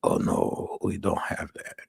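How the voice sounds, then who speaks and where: A man voicing a curt male restaurant waiter with hushed, flat, clipped replies, inside a podcast anecdote. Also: rumbling low, a little slow, gravelly, slightly rough, voice pushed down, full character voice. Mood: deadpan.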